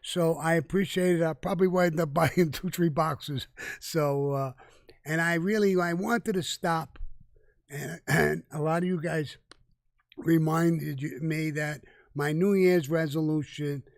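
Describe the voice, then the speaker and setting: A man's voice: fairly high pitch, steady tone, unhurried, gravelly, no room sound, clean studio sound. An older man, answering viewer questions in a casual live chat, blunt and profane, with rambling restarts.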